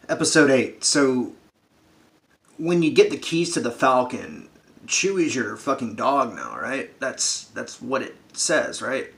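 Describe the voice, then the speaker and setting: A man's voice: mid-range voice, slow pace, vocal fry, long pauses, a bit bright, slight background noise. A man giving a sarcastic, profane comedic rant about a film, acting out characters' lines as he goes. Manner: sarcastic, swears a lot, acts out characters' lines.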